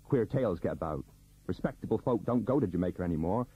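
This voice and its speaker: A man voicing a gruff, uneasy male coach driver in an audiobook reading, speaking evasively. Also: low-pitched, animated, fast talker, dull audio, heavily acted.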